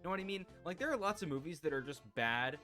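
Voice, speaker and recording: A man's voice: fairly high pitch, animated, fast talker, bright, forceful tone, soft background music. Wry, chatty young-sounding man narrating. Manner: chatty and wry, with many "like" fillers. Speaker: video essayist. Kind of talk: casual narrated video essay.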